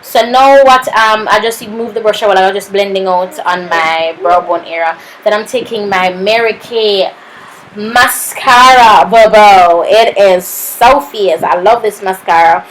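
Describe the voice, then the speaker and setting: A woman's voice: mid-range voice, steady tone, normal speed, few pauses, a little hiss or hum, low-quality recording. A young woman with a Jamaican accent narrating a makeup tutorial, sassy and playful, tossing in "honey" and "papito" as she goes. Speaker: makeup artist.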